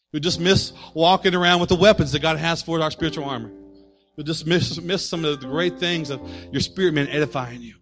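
A man preaching a sermon as pastor, telling stories with humor and shifting between loud, excited passages and quieter explanation. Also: fairly high pitch. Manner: storytelling preacher, animated and humorous.

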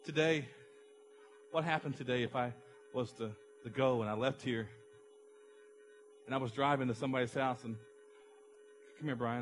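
A middle-aged man preaching a passionate sermon as a pastor, acting out an illustration with someone from the congregation. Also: mid-range voice.

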